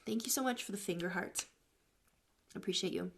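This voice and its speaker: Sex: woman. Role: life coach. Style: casual live-stream talk. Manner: chatty, breaks off to thank viewers. Pitch: middle. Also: brisk, gravelly, slightly rough. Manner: chatty, thanks viewers between points, tells stories.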